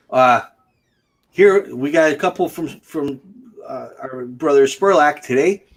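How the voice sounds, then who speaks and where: A man's voice: on the high side, lively intonation, takes it slowly, pauses often. Joking man hosting a casual stream. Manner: joking, chatty, laughs often. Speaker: host. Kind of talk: casual livestream chat.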